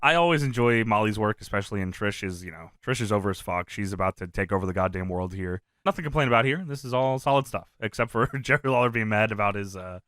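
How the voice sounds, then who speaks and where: A man co-hosting a casual wrestling review podcast, talking in a profane, animated way and laughing often. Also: on the low side, fast, hardly any pauses, dry recording, clean studio sound. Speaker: podcast co-host.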